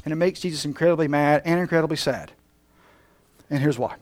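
A male pastor preaching a passionate sermon, moving between emphatic lines and quiet ones. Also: on the high side, a little fast, dry recording.

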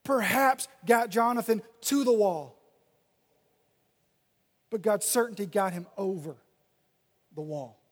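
A male pastor preaching a sermon and reading scripture aloud, swinging between loud and soft delivery. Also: high-pitched, takes it slowly, long pauses. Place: church sanctuary. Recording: long reverb of a large hall.

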